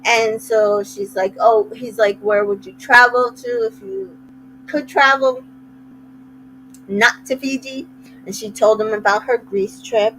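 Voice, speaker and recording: Woman host, unhurried chatty recap delivery, slightly high voice, faint hum behind. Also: fairly even intonation, fairly bright tone, poor audio. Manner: chatty, retells scenes with quoted asides. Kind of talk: casual recap chat.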